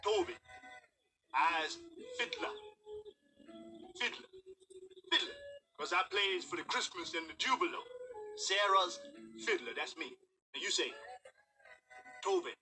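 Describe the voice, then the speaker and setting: An actor playing a wily old enslaved fiddler who talks in a drawn-out rural dialect and bosses a newcomer around. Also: male voice, high voice, wildly swooping pitch, bright, forceful tone, soft background music, exaggerated voice. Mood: bossy. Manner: heavy rural Southern dialect, drawn-out teaching repetitions. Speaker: film character.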